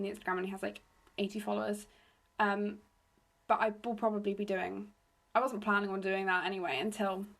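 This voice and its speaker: A young Englishwoman with a slightly raspy, mid-range voice hosts a solo podcast recorded on her phone. She chats in a rambling, self-deprecating way.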